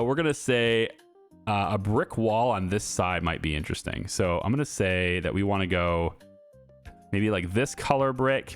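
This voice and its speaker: A man giving casual gameplay commentary, thinking aloud with fillers and restarts as he builds. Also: on the low side. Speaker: gaming YouTuber.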